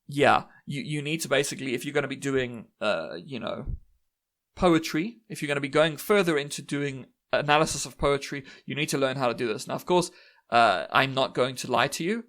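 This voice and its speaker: A man's voice: mid-range voice, moderate pace, fairly bright tone. Chatty male lecturer, often adds "right?". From South Africa. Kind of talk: casual online lecture.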